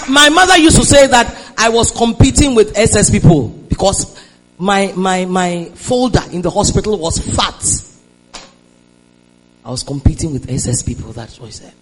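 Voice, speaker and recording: Fiery Nigerian woman preacher, animated. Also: medium pitch, rough recording. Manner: animated, swings between hushed storytelling and shouted declarations; calls the congregation to respond. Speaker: preacher giving a testimony. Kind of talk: sermon.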